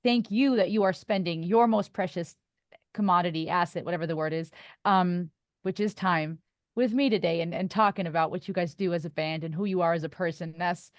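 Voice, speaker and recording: A woman's voice: on the low side, fairly quick, dry recording, studio quality. A woman podcast host, a native German speaker, talking in an earnest, reflective way and laughing often during a casual interview.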